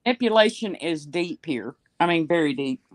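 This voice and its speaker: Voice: medium pitch, animated, moderate pace, no room sound. A co-guest speaking firmly and bluntly, giving strong opinions. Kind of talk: talk-show commentary.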